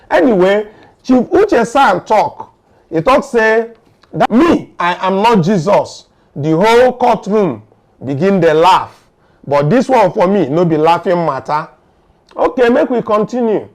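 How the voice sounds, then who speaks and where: A Nigerian man recapping the news as a commentator, animated and acting out exchanges, with hesitant fillers between points. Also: high voice, normal speed. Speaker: political commentator.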